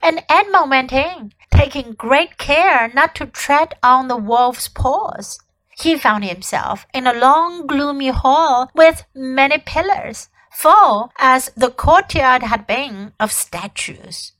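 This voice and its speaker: A woman teacher reading a children's story aloud, slowly and clearly. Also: high-pitched, fairly bright tone, rough recording. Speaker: English teacher.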